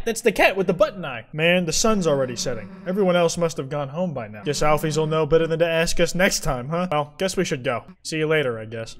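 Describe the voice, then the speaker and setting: A man voicing a blunt, gruff teenage monster girl with low offhand delivery. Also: close to an everyday voice.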